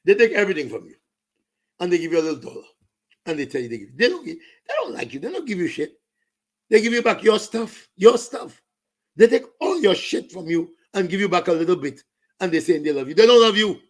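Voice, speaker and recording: Brisk and very animated, a high-pitched man with a Saint Lucian accent launches into a fiery political rant. As a commentator, he switches into Creole and French at times.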